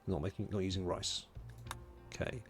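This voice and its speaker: A man's voice: sits low, fairly even intonation, moderate pace. A man from London, streaming a game, chatting casually, muttering to himself while he plays and greeting viewers in chat. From England (London). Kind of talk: casual livestream commentary.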